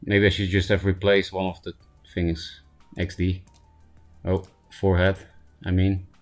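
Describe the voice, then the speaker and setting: A man streaming a card game, thinking aloud and mocking himself, hoarse from laughing and often clearing his throat. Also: deep voice, completely flat delivery, unhurried, darkish tone, soft background music. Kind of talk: casual gameplay commentary.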